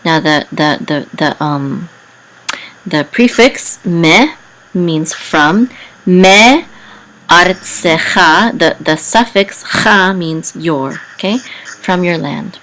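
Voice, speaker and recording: A woman teaching biblical Hebrew reading, carefully spelling out letters and vowel sounds with frequent pauses. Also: sits low, fairly bright tone, poor audio. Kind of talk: slow explanatory lesson.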